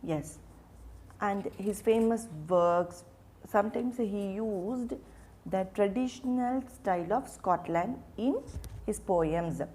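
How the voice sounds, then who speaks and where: A woman's voice: medium pitch, dark tone. A woman teaching a literature lesson, asking questions and answering them herself, often repeating words and restarting phrases. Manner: slow, repeats names and restarts phrases while explaining.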